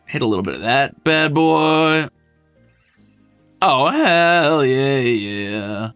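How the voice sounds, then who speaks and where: A male streamer with a gravelly, bright edge to his voice, his pitch swinging widely as he chats. He talks casually and animatedly, mocking himself and swearing freely. The sound is dry and close, with faint music under him. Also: lively intonation, slow, no echo. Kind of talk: casual game stream chat.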